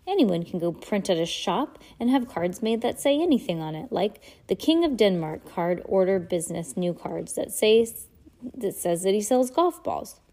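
A woman's voice: medium pitch, expressive, normal speed, warm tone. A woman reading a storybook aloud, voicing a fussy, nervous elderly widow who talks primly and frets easily. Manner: prim, fretful and easily flustered.

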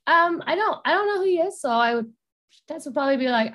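A woman's voice: high voice, lively intonation, quick pace, a bit bright. A woman playing a tabletop game, playful and joking. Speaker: player.

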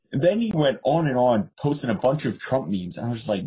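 Husky animated New man. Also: medium pitch, fast talker, few pauses, rough recording. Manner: animated storyteller, mimics others in raised voice. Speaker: podcast co-host. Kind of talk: casual political chat.

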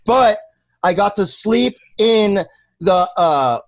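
A middle-aged man with a notably high voice hosts a casual podcast chat, swearing freely and bursting into loud acted-out quotes. The sound is dry and close with no room around it. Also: animated, takes it slowly, no echo. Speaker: podcast host.

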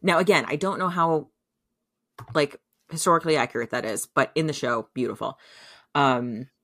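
A woman's voice: deep voice, fairly even intonation, moderate pace, fairly bright tone. A young adult woman co-hosting a podcast, retelling a show's plot in a chatty way with lots of fillers and laughter. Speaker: podcast co-host. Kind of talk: casual storytelling recap.

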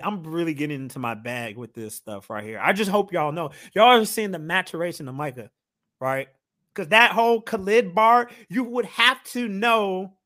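Animated laughing podcast co-host man. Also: high voice. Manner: animated, laughing while retelling. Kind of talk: casual chat.

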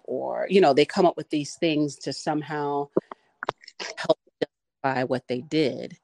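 A woman co-hosting a podcast, talking earnestly in a halting, filler-heavy way. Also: low-pitched, creaky, a little mellow, no room sound. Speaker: podcast co-host. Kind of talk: casual discussion.

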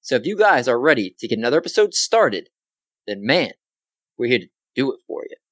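A man's voice: medium pitch, big pitch swings, fairly bright tone, no echo. An upbeat man hosts a sports podcast solo, chatting casually and poking fun at himself. His voice sits in a middle range, and the recording is dry and close with no room sound. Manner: upbeat, self-deprecating, quick asides. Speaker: podcast host.

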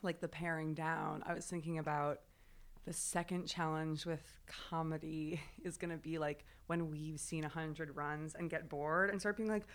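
A woman playwright chatting casually about rehearsals, animated and often laughing, with frequent restarts. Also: low-pitched, normal speed.

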